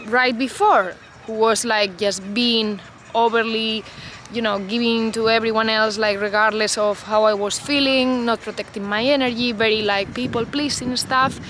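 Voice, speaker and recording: A woman's voice: fairly high pitch, fairly even intonation, moderate pace, fairly bright tone, a little hiss or hum, rough recording. A woman vlogger talking unscripted to camera outdoors, in a loose, reflective way full of "you know" and "like".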